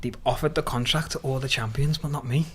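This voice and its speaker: A young man with a broad Scouse accent tells stories as a podcast guest. His talk is loose and animated, full of slang and swearing, with "lad" dropped in all the time. His voice sits at a middling pitch for a man. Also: fast talker, a little hiss or hum. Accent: Liverpool (Scouse). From Liverpool, England. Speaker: podcast guest, MMA fighter. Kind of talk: casual storytelling.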